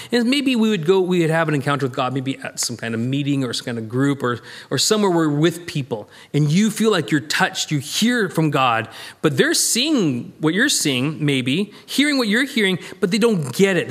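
A man leads a Bible study in a relaxed, conversational sermon style. His voice is pitched a touch high and swings widely up and down as he explains each verse. He reads scripture aloud and gives the quoted speakers their own lines. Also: a little fast. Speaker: minister teaching a Bible study.

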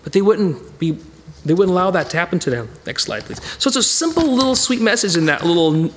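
Animated, lively-pitched man teaching scripture. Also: brisk, slight background noise. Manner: animated, acts out quoted voices, stammers and repeats words. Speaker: Bible study teacher. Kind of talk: expressive Bible teaching.

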